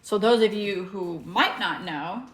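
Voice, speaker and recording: A woman vlogging casually at home with a handheld camera, chatty and quick to laugh. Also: medium pitch. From Southern United States. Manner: chatty, laughs often, coos at pets. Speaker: vlogger, mom. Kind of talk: casual vlog chat. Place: home and snowy backyard.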